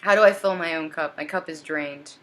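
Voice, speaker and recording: A desperate, anxious man keeps pleading for help, as a woman channels him in a tarot reading. The voice stays low and sinks toward a near whisper, repetitive and worn down. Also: brisk, lightly acted. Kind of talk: channeled first-person voicing in a reading.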